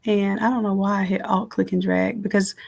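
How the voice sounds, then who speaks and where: A woman design instructor giving a casual, chatty live software tutorial from home, talking straight to her viewers. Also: medium pitch, flat delivery, fairly quick, creaky, slightly rough.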